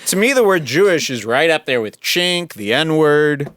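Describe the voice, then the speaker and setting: A man hosts a podcast, mocking a clip as he talks over it with sarcastic jabs and bursts of laughter. His pitch swings widely from line to line, and his voice sits dry and close with no room sound. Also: very animated, unhurried, a bit bright, no echo. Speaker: podcast host.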